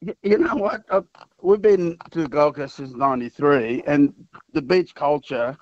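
A middle-aged man, a city mayor chatting casually on a radio show, relaxed and halting, laughing easily. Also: a little high, dry recording, lo-fi sound.

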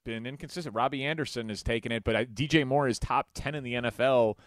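A man's voice: mid-range voice, dry recording. A male sports radio host taking calls and chatting casually about football stats. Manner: relaxed, chatty, quick stat asides. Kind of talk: call-in radio talk.

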